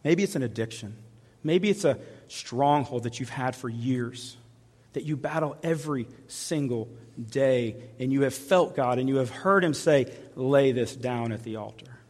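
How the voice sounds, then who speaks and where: A male pastor preaching a sermon, sinking to soft intimate tones at times. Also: medium pitch, measured pace. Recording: long reverb of a large hall.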